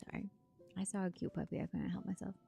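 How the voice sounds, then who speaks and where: A woman's voice: fairly low pitch, flat delivery, fast, gravelly, dark tone, soft background music. A tired woman livestreaming a game, making chatty, gushing asides between lines. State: tired after a long stream. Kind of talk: casual gaming livestream chat.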